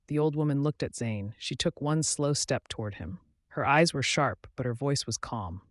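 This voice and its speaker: A man tells a scripted story in an expressive, dramatic way. His voice rises and falls lively at a middle pitch. The recording is dry and close. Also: normal speed, dry recording. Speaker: narrator.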